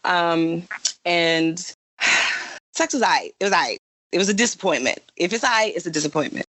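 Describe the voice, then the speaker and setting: A woman guest on a podcast, telling a story in a casual, animated way with big swings in pitch. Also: normal speed, no room sound.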